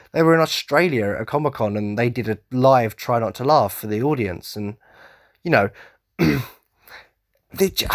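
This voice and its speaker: A man's voice: mid-range voice, no room sound, clean studio sound. A man hosting a solo podcast, rambling from tangent to tangent with lots of "like" and "you know". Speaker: podcast host. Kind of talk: solo rant-style podcast chat.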